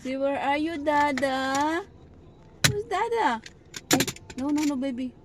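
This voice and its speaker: Outdoors by a clinic, a young Filipino mother filming a casual vlog with her children coaxes and scolds her toddler, blending Tagalog with English. Her voice sits high with a level tone at normal speed, over noisy traffic and passing vehicles.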